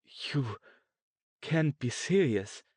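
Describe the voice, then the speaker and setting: A man's voice: medium pitch, expressive, very slow, a little mellow, breathy edge, no echo, voice pushed up, heavily acted. A man voicing a frightened, defiant mother held captive, talking in a pleading, fierce way in an audiobook. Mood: shocked.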